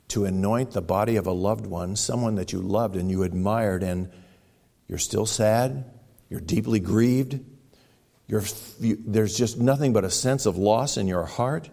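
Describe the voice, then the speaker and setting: Low gravelly guy preaching a sermon, dramatic storyteller, gets loud then goes real quiet. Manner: dramatic storytelling, swinging from loud exclamations to hushed lines. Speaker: pastor.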